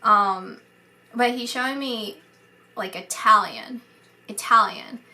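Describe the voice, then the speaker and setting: A woman's voice: fairly high pitch, slow, pushed and bright. A woman psychic medium giving a casual spoken reading, rambling and hesitant with many fillers.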